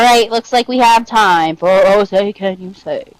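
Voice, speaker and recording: A woman reading a children's story aloud, animated and playful, chatting between pages. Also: mid-range voice, measured pace, few pauses, rough recording.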